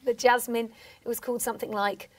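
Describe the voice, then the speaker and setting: A woman's voice: a little high, little pitch movement, brisk, very noisy. A woman guest on a podcast panel, chatting hesitantly and rambling with fillers. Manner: hesitant, rambling, self-conscious. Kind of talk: casual chat.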